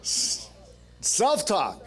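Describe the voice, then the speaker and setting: A man preaching a sermon at a men's gathering, telling a story and then building to fervent, rousing exhortation with joking, conversational asides. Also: very slow.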